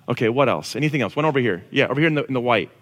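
A man preaching a casual, animated sermon to a congregation. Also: mid-range voice, rapid-fire. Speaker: pastor. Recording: long reverb of a large hall.

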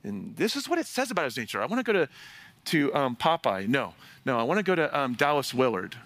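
A man's voice: mid-range voice, sing-song, quick pace, a bit bright. A man preaching a sermon in a conversational way, with asides and little jokes to the congregation. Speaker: pastor.

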